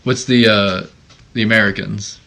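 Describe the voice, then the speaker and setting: A man hosting a casual podcast, his voice bright and a little sharp. He jokes and teases his co-host with easy, playful banter. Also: lowish voice, steady tone, moderate pace, creaky. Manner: joking, teasing banter.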